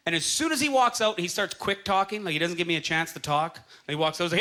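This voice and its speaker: Bright, high-voiced man doing stand-up. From Canada. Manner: animated storytelling with quick acted-out quotes. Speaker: stand-up comedian. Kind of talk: stand-up comedy set. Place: comedy club stage. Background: faint audience laughter.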